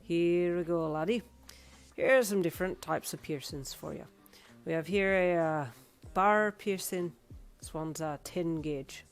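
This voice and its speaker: A woman's voice: on the low side, measured pace, smooth, soft background music. Woman putting on a jovial Irish piercer man. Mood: friendly. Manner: loud, jovial, folksy. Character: friendly male Irish tattoo piercer, chatty.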